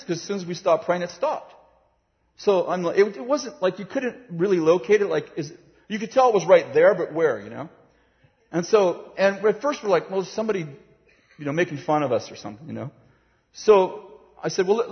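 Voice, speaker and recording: A man with a slightly raised voice tells a story from a sermon platform, acting out the voices and laughing as he goes. His voice rings with the long reverb of a big hall, and the recording sounds somewhat muffled. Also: high voice. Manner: animated, acts out voices, laughs while telling. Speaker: preacher.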